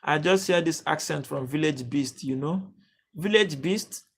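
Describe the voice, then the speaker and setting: Nigerian male stream host, casual and talkative, fairly high voice, keeps welcoming chat. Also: unhurried. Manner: chatty, greets viewers by name, reads chat aloud. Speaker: livestream host.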